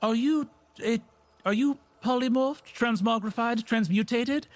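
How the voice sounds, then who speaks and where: A man's voice: very high-pitched, unhurried, pitched above the performer's own voice. A man doing a flustered, wordy guild mage. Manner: stammering and apologetic.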